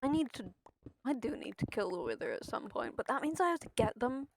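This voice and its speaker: A woman's voice: a little high, huge pitch swings, brisk, background noise. A woman streaming a game, chatting casually with her viewers and swearing freely. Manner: chatty, swears freely, talks to chat while playing.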